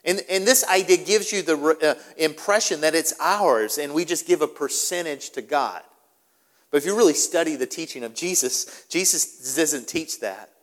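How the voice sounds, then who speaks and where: A male pastor with a high-side voice preaches at a moderate pace, and a long reverb tail trails his words. His style is animated and emphatic, often repeating words for stress.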